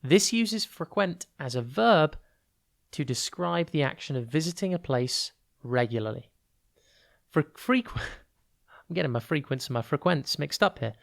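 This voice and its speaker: A tutor walks through a vocabulary lesson for a podcast. The delivery is clear and unhurried, spelling words out letter by letter and stretching the stressed syllables of key words. The voice sits at an ordinary middle pitch. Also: lively intonation.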